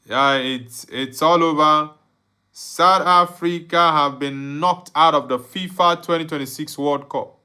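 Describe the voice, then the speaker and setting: A man's voice: a little high, unhurried, bright, forceful tone, clear, resonant tone. A young Nigerian man hosting a live football watchalong, reading viewer comments aloud and bantering with frequent laughs. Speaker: livestream host.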